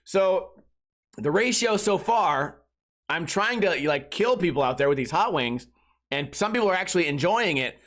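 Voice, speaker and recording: Guy in his 30s doing a crude rambly podcast monologue, kinda high voice, says like a ton. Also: animated, normal speed, a bit bright. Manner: crude, rambling, heavy on filler words. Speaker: podcast host. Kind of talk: casual comedic podcast monologue.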